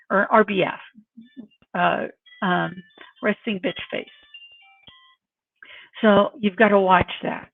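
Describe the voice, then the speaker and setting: Middle-aged woman doing casual work tips, kinda high pitched, raspy with lots of fry, tinny phone sound from far off. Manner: chatty, self-mocking, acts out examples. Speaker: workplace coach. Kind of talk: casual tips talk to camera.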